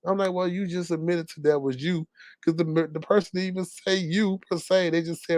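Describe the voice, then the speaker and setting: A man's voice: fairly high pitch, a little fast, a little mellow, no echo. Sassy, gossipy man with dry sound. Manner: sassy, gossipy, laughing asides. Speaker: commentary vlogger. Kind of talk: casual commentary.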